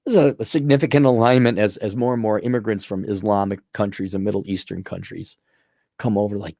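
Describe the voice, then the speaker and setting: A man's voice: on the low side, brisk, a little mellow, dry recording, studio quality. A middle-aged man hosting a casual opinion podcast, talking in a sarcastic way and jumping into mocking voices. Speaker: podcast host.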